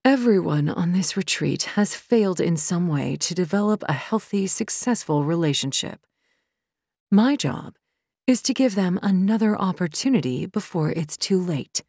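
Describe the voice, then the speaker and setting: A woman voicing a composed woman who runs a retreat and speaks evenly and with measured polish. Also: lowish voice, expressive, darkish tone, breathy edge, no room sound, studio quality. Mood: weary.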